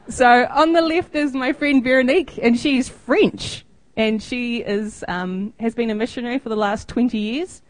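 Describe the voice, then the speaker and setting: A woman's voice: on the high side, measured pace, no echo, poor audio. Nz woman, 30s, chatty church talk about her trip, dry close sound. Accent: New Zealand. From New Zealand. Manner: chatty, self-deprecating, acts out quoted exchanges. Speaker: missionary giving a church report. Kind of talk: informal presentation with photos.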